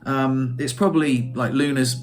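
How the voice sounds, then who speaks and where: A man's voice: medium pitch, fairly even intonation, normal speed, soft background music. A man vlogging to camera in a casual, rambling way, emotional and swearing freely.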